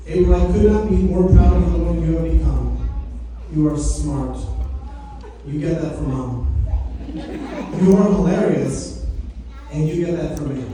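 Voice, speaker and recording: A man's voice: on the high side, dark tone, slight background noise. A middle-aged man giving a heartfelt, joking wedding toast as father of the bride. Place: wedding reception hall. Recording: echoey hall from far off.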